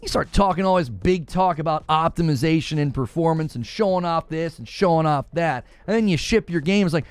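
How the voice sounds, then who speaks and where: A man's voice: fairly high pitch, fairly quick, hardly any pauses, smooth, no echo. A man co-hosting a gaming news show, ranting in an exasperated, sarcastic way. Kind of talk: heated gaming podcast rant.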